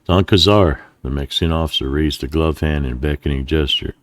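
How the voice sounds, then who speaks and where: A man narrating a western audiobook in a steady, deliberate reading. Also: a bass voice, no room sound, clean studio sound.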